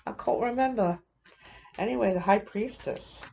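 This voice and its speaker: A woman giving a casual tarot reading, thinking aloud in a halting, musing way with many fillers. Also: medium pitch, vocal fry, darkish tone, slight background noise. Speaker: tarot reader.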